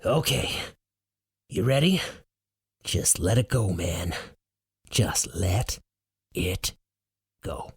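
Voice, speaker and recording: A man voicing a high-pitched, panicky man with a Norwegian accent who yells and curses in fear. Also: big pitch swings, a little slow, slightly rough, no echo, clean studio sound, heavily acted. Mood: tense whisper. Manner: yelling in fear.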